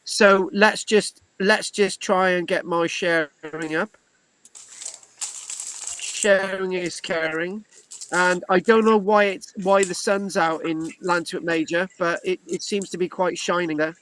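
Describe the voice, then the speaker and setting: A man from Britain hosting an online history class, chatty and halting, with many restarts, on a video call. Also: high-pitched, steady tone, fairly bright tone, smooth. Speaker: history class tutor and host. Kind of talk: casual online class talk.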